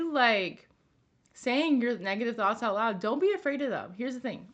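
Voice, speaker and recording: A woman's voice: on the high side, expressive, moderate pace, muffled recording. Earnest, chatty young woman vlogging. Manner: chatty and earnest, many likes and restarts. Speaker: wellness vlogger. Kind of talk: casual personal vlog talk.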